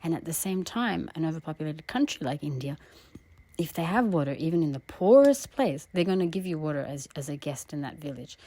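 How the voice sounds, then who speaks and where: A woman astrologer and tarot reader in an earnest, heartfelt spiritual monologue who often drops into a breathy half-whisper. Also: sits low, lively intonation, fairly quick, warm tone. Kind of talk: reflective spiritual monologue with a personal story.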